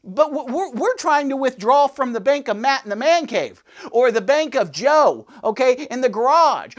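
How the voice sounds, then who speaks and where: A man hosting a men's ministry show, preaching a devotional with rhetorical questions, swinging between loud and hushed. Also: very high voice, lively intonation, moderate pace. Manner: peppers talk with "you know what I'm saying" and "okay"; asks listeners rhetorical questions.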